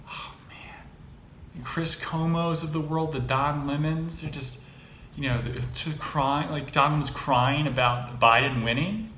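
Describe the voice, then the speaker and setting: Guy ranting solo, bright edgy voice, lots of ums, roomy echo and faint hum behind. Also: medium pitch, normal speed. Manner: rambling, exasperated, with many fillers and restarts. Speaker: host. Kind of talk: casual political monologue. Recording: echoey room, faint ambient noise.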